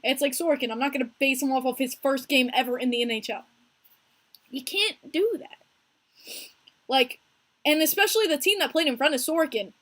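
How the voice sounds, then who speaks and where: A young American woman hosting a casual hockey podcast stream, talking in an animated, chatty way and answering viewers by name. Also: sits high, fairly quick, long pauses. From United States. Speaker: podcast host streaming live with chat.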